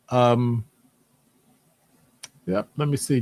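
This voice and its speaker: A man's voice: mid-range voice, normal speed, dry recording. A middle-aged man hosting a live stream, chatting casually and greeting viewers by name. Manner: greets chat viewers by name, lively rises. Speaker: host of a live stream show.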